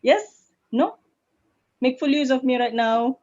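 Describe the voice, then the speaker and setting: A woman with a Malaysian accent, a public speaking coach answering questions in an online session, lively and laughing easily. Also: sits high, slow pace. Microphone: video call. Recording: lo-fi video call audio.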